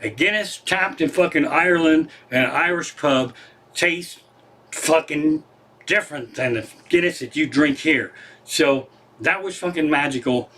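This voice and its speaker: Man from Pennsylvania, comedian, livestream from home, profane casual storytelling, a bit high voice, excitable. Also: measured pace. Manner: swears constantly, excitable, animated retelling. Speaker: comedian hosting his livestream show. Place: home living room.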